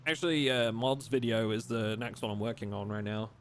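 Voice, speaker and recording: A man's voice: fairly low pitch, fairly quick, slight background noise. Chatty man streaming a game. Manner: chatty, reads chat aloud and thinks out loud. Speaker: streamer playing a survival game. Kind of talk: casual live-stream commentary.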